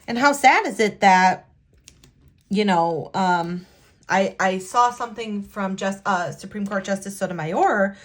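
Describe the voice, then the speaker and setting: A woman from the United States chatting casually while decorating her planner, talking in a halting, hesitant way with sighs and restarts, sincere and heartfelt. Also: mid-range voice. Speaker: planner vlogger.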